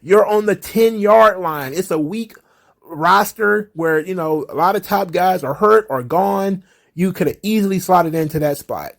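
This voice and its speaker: A man's voice: high-pitched, measured pace, gravelly. A man hosting his own wrestling commentary channel, giving blunt, profane opinions in a casual talking style. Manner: blunt and profane, mocking acted-out exchanges.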